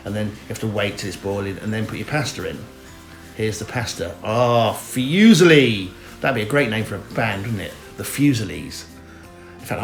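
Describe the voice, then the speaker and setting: Middle-aged man, deadpan comic narrator, roomy sound, soft music under. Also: lowish voice. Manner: rambling, chatty, mock-earnest, talks straight to viewers.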